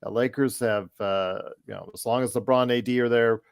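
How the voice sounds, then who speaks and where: A man's voice: medium pitch, fairly even intonation, moderate pace, creaky, clear, resonant tone, dry recording, studio quality. A man hosting a casual sports podcast, teasing his co-host and keeping the show moving in an upbeat way. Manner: teasing, upbeat, wraps up segments. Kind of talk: casual sports talk banter.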